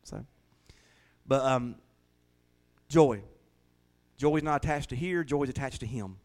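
A man's voice: mid-range voice, unhurried, a little mellow. A man preaching a folksy, joking sermon in a small church, laughing often. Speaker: pastor.

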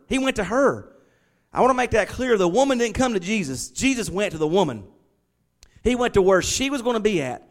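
A middle-aged man preaching a sermon, shifting from quiet, conversational storytelling to emphatic declarations. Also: high-pitched, animated, a little fast. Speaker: pastor.

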